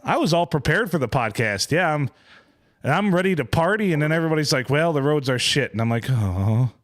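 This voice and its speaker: A man's voice: a little high, expressive, brisk. A man hosting a casual remote podcast, joking and laughing often with his co-hosts. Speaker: podcast host. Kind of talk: casual podcast chat over remote call.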